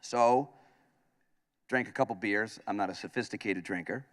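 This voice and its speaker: A man with a fairly low voice, speaking at a normal pace, is a radio host from upstate New York giving a comedic speech in a big conference hall. He tells stories with animation, performing his own lines, and the room adds long reverb.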